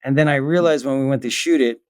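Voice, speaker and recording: A middle-aged man, a guest actor, telling an animated story in casual chat and acting out the voices he quotes. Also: medium pitch, fast, clear, resonant tone, dry recording, studio quality. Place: livestream podcast.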